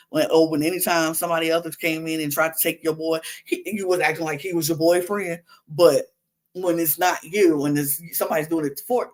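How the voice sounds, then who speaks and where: A woman hosting a podcast, talking casually in a sassy, exasperated way. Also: on the low side. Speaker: podcast host recapping a reality show. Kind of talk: casual chat.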